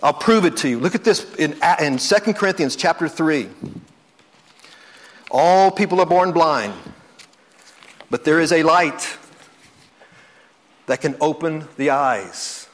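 A man preaching a sermon, earnest, repeating words and swinging from loud emphasis to soft, slow passages. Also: on the high side, lively intonation.

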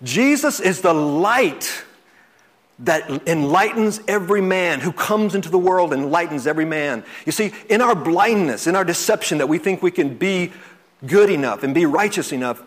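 A man preaching a sermon, earnest, repeating words and swinging from loud emphasis to soft, slow passages. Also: fairly high pitch, expressive.

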